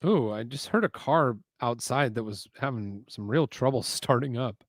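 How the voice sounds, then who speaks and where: A man's voice: medium pitch, normal speed, dry recording, clean studio sound. A man hosting a casual livestream from his garage, building a set while thinking aloud and reading out viewer messages. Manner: chatty, muses aloud, reads chat messages. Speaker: LEGO building livestream host. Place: home garage.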